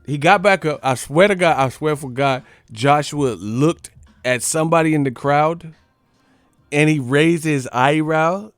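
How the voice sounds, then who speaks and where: A man's voice: fairly high pitch, measured pace, no echo, soft background music. A man hosting a boxing channel, ranting casually on a live stream in a profane, mocking, rambling way.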